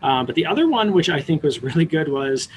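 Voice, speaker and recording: Higher-voiced man hosting a casual hockey podcast. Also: sing-song, fairly quick, slight background noise. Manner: leads discussion, asks panel questions. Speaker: podcast host. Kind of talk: casual sports chat.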